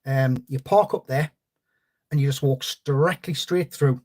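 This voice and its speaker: A man's voice: medium pitch, moderate pace, darkish tone. A man hosting a live fishing stream, chatting in a rambling way and greeting viewers by name. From North East England. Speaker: fishing channel host.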